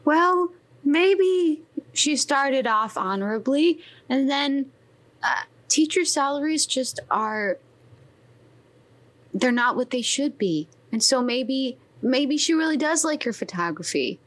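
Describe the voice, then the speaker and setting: A woman's voice: sits high, animated, slow. Droll woman role-playing on a video call. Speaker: tabletop player. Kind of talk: in-character play over a video call.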